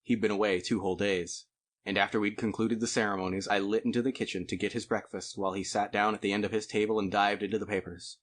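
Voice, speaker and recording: A man reads a novel aloud in a conversational first-person manner. His voice sits low. The delivery is plain and chatty audiobook narration. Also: flat delivery, fast. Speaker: audiobook reader.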